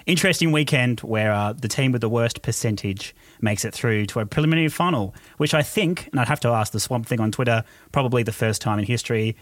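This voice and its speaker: A man's voice: mid-range voice, fast talker, hardly any pauses, no room sound. An Australian man hosting a sports podcast, opening with a playful, theatrical intro before moving into casual chat. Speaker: podcast host.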